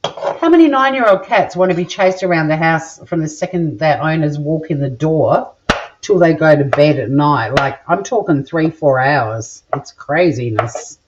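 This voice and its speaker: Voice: medium pitch, normal speed, muffled recording, noisy background. Crude, joking Australian home cook. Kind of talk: casual cooking vlog chat. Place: home kitchen.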